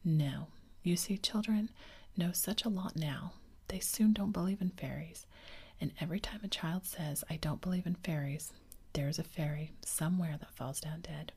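A woman's voice: on the low side, moderate pace, dark tone. A woman whispering the part of a cheerful, boastful boy who never wants to grow up, in a whispered role-play. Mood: eager. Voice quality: breathy whisper. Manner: eager, boyish, carefree.

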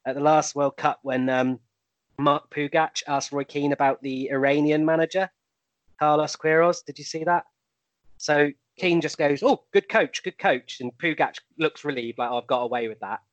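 A man's voice: fairly high pitch, fairly even intonation, normal speed, dry recording. A man telling anecdotes in a casual podcast chat, with plenty of ums. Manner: storytelling, full of ums.

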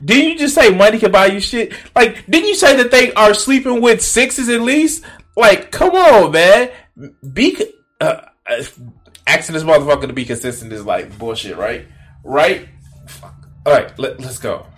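A man's voice: sits high, big pitch swings, normal speed, fairly bright tone. Profane incredulous man reacting. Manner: profane, incredulous, laughing, mocking. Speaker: reaction video host. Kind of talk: casual reaction commentary.

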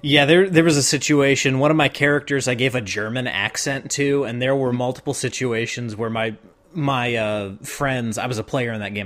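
A man in a middle register hosting a relaxed podcast chat. He asks questions in a casual, conversational way and trades stories with his guest. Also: mid-range voice, normal speed. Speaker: podcast host.

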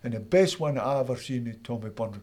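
A Scottish man, a former footballer, telling animated stories from his playing days in an interview, acting out his old coaches. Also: mid-range voice, fast. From Scotland. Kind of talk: storytelling interview.

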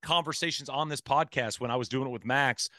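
Bright-voiced male podcast host. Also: medium pitch, a little fast, no room sound, clean studio sound. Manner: thoughtful, rambling questions. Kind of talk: casual podcast interview.

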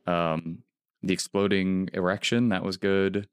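A man's voice: low-pitched, level tone, a little slow, clear, resonant tone, no echo, studio quality. A man co-hosting a casual podcast chat, rambling and playfully acting out quotes. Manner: rambling, restarts often, playful quoting. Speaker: podcast co-host.

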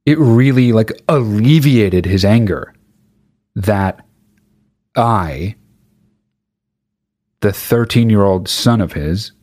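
A young man with a fairly low voice tells a rambling comic story full of swearing and deadpan asides. The recording is dry and close, with no room sound. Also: slow, long pauses, no echo. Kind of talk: casual comic anecdote.

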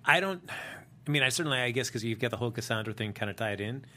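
A man's voice: medium pitch, lively intonation, fast talker, bright, forceful tone. A man co-hosting a TV recap show in casual chat, sounding exasperated and opinionated.

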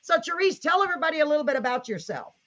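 A gushing, enthusiastic woman hosts a live online chat show, her voice set a little high. The sound is dull and lo-fi. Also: big pitch swings, very fast, fairly bright tone. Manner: gushing, enthusiastic, reads viewer comments aloud. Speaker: host.

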